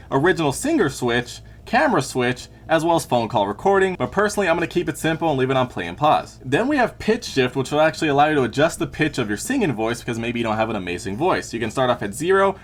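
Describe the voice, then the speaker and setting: Fast-talking upbeat man demoing gear. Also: mid-range voice. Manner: upbeat, playfully boastful. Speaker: tech reviewer. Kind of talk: product demo walkthrough. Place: home studio.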